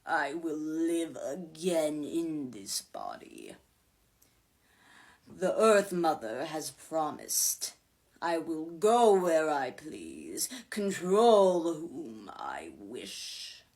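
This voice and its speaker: A woman voicing a cold, sinister spirit from the underworld that possesses people, speaking slowly in a low whisper. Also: big pitch swings, a little mellow, full character voice. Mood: menacing.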